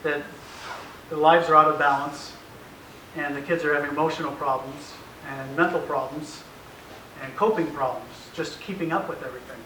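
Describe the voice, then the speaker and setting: His fairly high voice holds a steady tone and sounds pushed and bright, moving at a moderate pace. The middle-aged man gives parents an informal, anecdotal presentation in a meeting room, playing out family talks and often chuckling. The recording is echoey, faintly hissy, and made with a mic far off.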